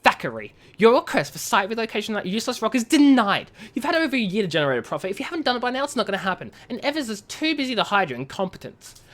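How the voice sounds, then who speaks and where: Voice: mid-range voice, a bit bright, pitched above the performer's own voice. A streamer reading out a game message as a stern corporate boss who scolds a worker, raising the voice above their usual talk.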